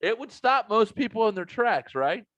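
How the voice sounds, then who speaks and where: A man's voice: sits high, normal speed, dry recording. A man hosting a podcast, telling stories casually with lots of swearing and laughter, from a home man cave. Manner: profane, animated, laughing at his own stories. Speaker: podcast host. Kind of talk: casual storytelling chat. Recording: slightly muffled, dry recording.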